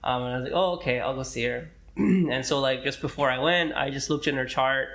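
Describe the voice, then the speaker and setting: A young man co-hosting a casual podcast, telling a story from his hospital rotation in a loose, rambling way. He swears freely, clears his throat often and slips into voices for the people in his story. His pitch sits in an ordinary middle range. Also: brisk, a bit bright. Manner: rambling, profane, acts out quoted dialogue, frequent throat clearing. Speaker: podcast co-host, medical student.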